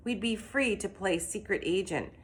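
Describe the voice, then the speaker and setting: A woman reading a children's story aloud in an expressive, animated way. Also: mid-range voice, normal speed. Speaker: reader.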